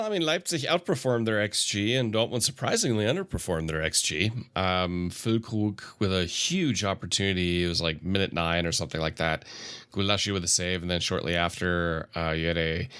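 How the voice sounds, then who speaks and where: A man's voice: low-pitched, fairly bright tone, clear, resonant tone. A man co-hosting a football podcast, giving thoughtful analysis with plenty of ums and restarts. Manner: thoughtful, analytical, many fillers. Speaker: podcast co-host. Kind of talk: casual football analysis chat.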